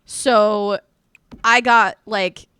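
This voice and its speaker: A woman from North Carolina with a North Carolina Southern accent, chatting casually with viewers on a live stream in a rambling, animated way. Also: medium pitch, extremely slow, clear, resonant tone, dry recording, clean studio sound.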